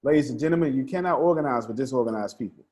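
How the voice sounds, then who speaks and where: A man's voice: medium pitch, very fast, darkish tone. Folksy man teaching a group. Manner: folksy, preacher-like cadence, repeats lines for emphasis. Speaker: teacher leading a group study session. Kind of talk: lively teaching talk with a small group.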